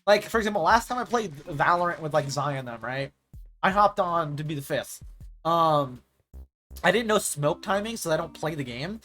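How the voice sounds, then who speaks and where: A man's voice: fairly high pitch, expressive, moderate pace, sharp tone, soft background music. A young man streaming a game, chatting casually and rambling, often saying "like" and ranting when annoyed. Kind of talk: casual live-stream chat while gaming.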